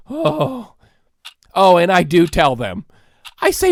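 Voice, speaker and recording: A man's voice: sits high, wildly swooping pitch, takes it slowly, pauses often, dry recording, studio quality. A man in his thirties, a podcast host, delivering a sarcastic comedic rant and acting out both sides of the conversations he describes. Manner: exasperated, sarcastic, acts out both sides of dialogues.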